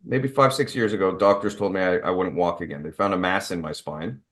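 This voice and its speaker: A man's voice: deep voice, fairly quick, a bit bright. A man guest on an interview show, talking candidly and rambling with fillers and restarts. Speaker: guest, martial arts expert. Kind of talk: casual interview storytelling.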